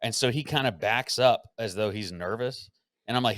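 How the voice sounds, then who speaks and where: A man hosting a podcast who tells a story in a casual, animated way, acting out the quotes and swearing freely. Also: mid-range voice, a little fast, no room sound, studio quality. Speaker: podcast host.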